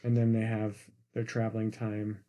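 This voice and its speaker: A man's voice: lowish voice, normal speed. Man animatedly retelling movie scenes. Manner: animated storyteller, retells scenes with quoted lines. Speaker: podcast co-host. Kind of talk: casual movie review chat.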